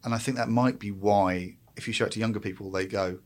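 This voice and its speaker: A man's voice: fairly low pitch, steady tone, fast. A man on a podcast, working through long, thoughtful points about comedy. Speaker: podcast co-host. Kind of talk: casual chat.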